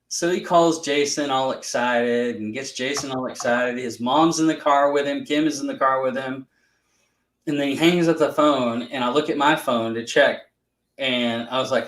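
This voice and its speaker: A man's voice: medium pitch, steady tone, normal speed, fairly bright tone. Guy cohosting a live chat, teasing, laughing through stories, roomy echo. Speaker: co-host. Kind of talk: casual chat. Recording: echoey room.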